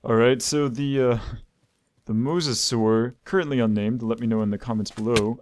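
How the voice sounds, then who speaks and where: A man's voice: medium pitch, steady tone, normal speed, a little mellow, dry recording, studio quality. A man hosting a gaming video, talking through his play in rambling commentary and often repeating words as he thinks aloud.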